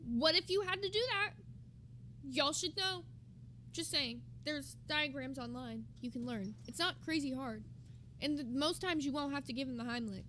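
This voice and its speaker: A woman's voice: high-pitched, moderate pace, sharp tone, a little hiss or hum. A woman streamer giving gossipy, sarcastic commentary while reacting to another stream. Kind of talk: casual commentary.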